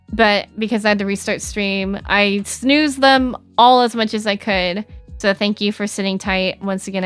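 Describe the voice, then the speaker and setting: A woman's voice: medium pitch, fairly bright tone, clear, resonant tone, no room sound. A young adult woman streaming, chatting casually with her chat in a bubbly, giggly, rambling way.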